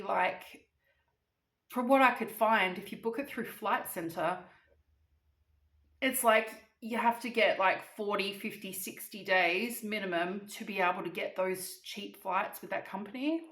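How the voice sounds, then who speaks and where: A woman telling a story vlog-style in a chatty, animated, casually swearing way. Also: mid-range voice, echoey room. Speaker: vlogger.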